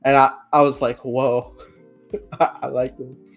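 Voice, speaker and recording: A man co-hosts a casual podcast, joining in with quick asides and jokes. His voice sits at an ordinary middle pitch. Faint music plays underneath. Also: little pitch movement. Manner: quick interjections, jokey. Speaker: podcast co-host. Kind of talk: casual chat.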